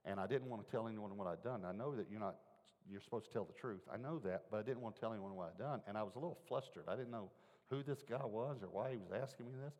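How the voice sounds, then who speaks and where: A man with a fairly low voice preaches a sermon, telling a personal story in an earnest, chatty way. His words ring out with a long reverb, as in a large hall. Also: fast, a little mellow. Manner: earnest, conversational, asks the audience questions.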